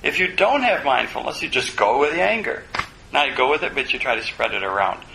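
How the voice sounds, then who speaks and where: Male Buddhist teacher, gravelly, bright tone, musing dharma talk. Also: medium pitch, big pitch swings, fairly quick, poor audio. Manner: reflective, asks himself questions aloud.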